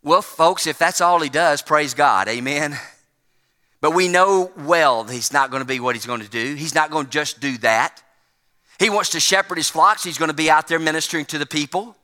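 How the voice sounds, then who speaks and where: A man preaching a sermon to his congregation, with a folksy preacherly manner, swinging between emphatic peaks and low, quiet stretches. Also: moderate pace, big-room sound. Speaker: pastor.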